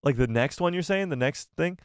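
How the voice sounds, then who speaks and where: A man's voice: on the high side, lively intonation, fairly quick, clean tone, no echo, studio quality. A man hosting a casual live stream, reading viewer comments aloud and reacting in a jokey, chatty way.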